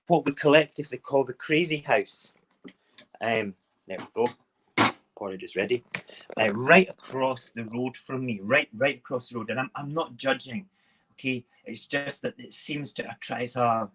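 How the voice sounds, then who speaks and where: A man with a mid-range voice runs a relaxed morning live stream. He chats and rambles on, breaking off to greet viewers and narrate what he is doing as he cooks. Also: medium pitch, husky. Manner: chatty, rambling, talks to viewers while cooking. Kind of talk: casual live-stream chat.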